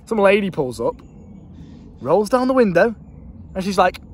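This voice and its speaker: A man's voice: sits high, sing-song, normal speed, slight background noise. A young British man and life coach, talking casually to a handheld camera, swearing freely and rambling.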